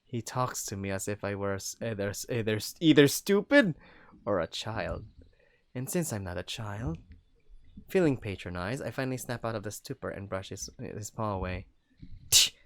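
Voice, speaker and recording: A young man reading a first-person story aloud in an animated, jokey way, voicing the characters. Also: on the low side, moderate pace, no echo. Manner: animated, jokey asides and laughs between lines. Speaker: story narrator.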